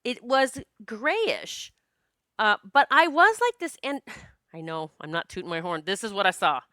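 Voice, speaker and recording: A woman podcast host and psychic medium telling a personal story in a casual, animated, earnest way, with many restarts and quoted self-talk. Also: medium pitch, measured pace, clean tone, no room sound, clean studio sound. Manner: spiritual, earnest.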